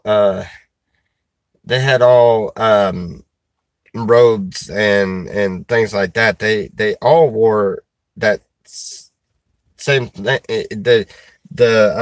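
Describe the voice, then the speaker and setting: Halting, chatty man on a dry mic. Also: medium pitch, no room sound. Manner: halting, many restarts and fillers; chuckles while reading comments. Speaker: livestreamer reading chat. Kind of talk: casual live chat.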